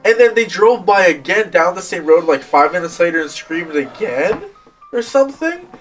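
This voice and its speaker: A man's voice: high voice, very animated, normal speed, far from the mic, faint music behind. A young man co-hosting a podcast, telling rambling stories in casual chat and laughing often. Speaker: podcast co-host.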